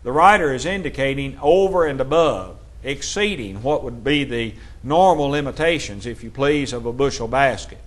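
A man preaching a sermon, reading scripture aloud and explaining it in a measured way. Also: medium pitch, animated, a bit bright.

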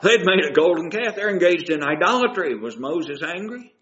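A man's voice: high voice, lively intonation, normal speed, fairly bright tone, muffled recording. Man preaching in a roomy space. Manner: asks the audience many questions. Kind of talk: sermon.

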